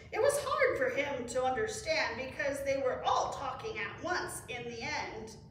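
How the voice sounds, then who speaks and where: A woman librarian reading a picture book aloud to children in an expressive, animated way, asking them questions, in a library room. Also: high-pitched, slight background noise. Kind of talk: children's story time reading. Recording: echoey room, far from the mic.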